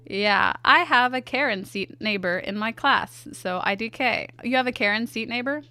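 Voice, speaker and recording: A woman's voice: medium pitch, moderate pace, sharp tone, dry recording. A woman streaming while she draws, chatting casually, reading her chat aloud and answering it with self-deprecating asides. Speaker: art streamer.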